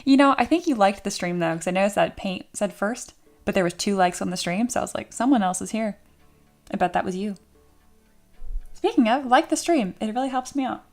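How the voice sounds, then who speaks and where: A woman's voice: mid-range voice, animated, quick pace, soft background music. Chatty woman hosting a livestream. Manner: chatty, reads viewer comments aloud and answers them; upbeat and encouraging toward viewers. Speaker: livestream host and 3D sculptor. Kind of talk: casual livestream chat.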